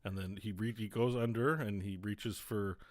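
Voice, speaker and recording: A man running a tabletop game with a lowish voice, narrating casually between pauses. The sound is dry and close to the mic. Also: steady tone, no echo. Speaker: game master.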